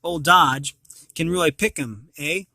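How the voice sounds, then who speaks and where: A cool, self-assured street dog who leads his gang in a storybook, as a man voices him. The voice is bright and a little high, recorded dry and close. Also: unhurried, dry recording, heavily acted. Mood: proud. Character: confident male street dog, gang leader.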